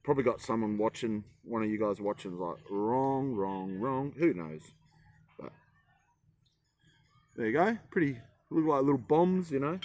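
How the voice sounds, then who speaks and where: A man's voice: mid-range voice, very animated, normal speed, pauses often, a little mellow. A man chatting casually in a vlog, rambling and poking fun at himself while he cooks outdoors. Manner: rambling, self-mocking, jokey. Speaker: travel vlogger. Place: outdoors in a forest.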